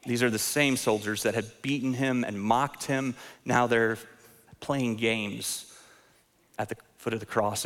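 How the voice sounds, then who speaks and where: A man in his thirties delivers a sermon in a relaxed, conversational way, poking fun at himself and often doubling words as he restarts a thought. His voice sits in a middle pitch. A long reverb trails behind him, as in a large church sanctuary. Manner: conversational, self-deprecating, repeats words when restarting. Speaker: pastor.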